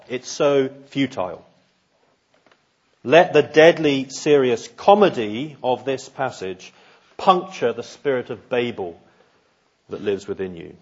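A man preaching a sermon, animated and acting out quoted voices, at times dropping to hushed tones. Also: mid-range voice, slow, pauses often, slightly rough, highs cut off.

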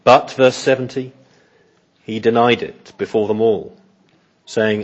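A man preaching an expository sermon in an earnest, measured way, often repeating words as he thinks. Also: on the low side, steady tone, muffled recording.

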